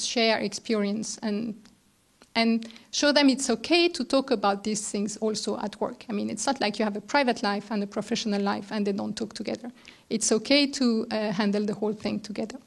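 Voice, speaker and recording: Middle-aged woman panelist, conversational, a little high-pitched. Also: creaky. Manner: conversational, thoughtful, with restarts. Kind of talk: round-table talk. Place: lecture room.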